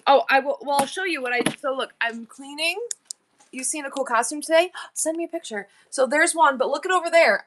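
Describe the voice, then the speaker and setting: A middle-aged woman hosting an online auction live stream, chatting casually and bubbly with viewers, tossing in quick asides to the chat. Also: sits high, a bit bright.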